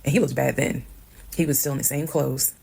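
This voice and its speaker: A woman telling a personal story in a casual storytime monologue, brisk and matter-of-fact, acting out the people she quotes. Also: extremely low pitch, steady tone, creaky, mellow, a little hiss or hum. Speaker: storyteller recounting her own experience.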